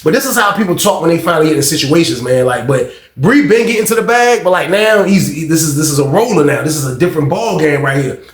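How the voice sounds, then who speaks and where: A man telling a casual storytime monologue about his past, animated and slangy, often slipping into acted voices. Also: fairly high pitch, quick pace, hardly any pauses. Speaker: storyteller recounting prison life. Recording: echoey room.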